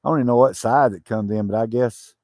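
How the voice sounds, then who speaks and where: Chatting as he works on his homestead cabin, a relaxed man laughs frequently and calls to his dogs. His voice is medium-pitched, fast, and darkish in tone.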